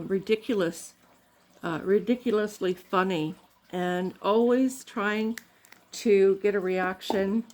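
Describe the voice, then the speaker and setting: A woman's voice: lowish voice, darkish tone. An older woman from Canada telling rambling, funny family stories in a casual vlog, laughing often. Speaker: vlogger.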